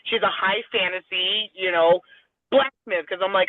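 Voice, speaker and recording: A woman's voice: mid-range voice, normal speed, no room sound. A woman from Southern California, a professional wrestler guest, telling a long story casually and acting out the other people's lines with a laugh now and then. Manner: rambling, acts out quoted dialogue, laughs often. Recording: tinny phone-like dry sound.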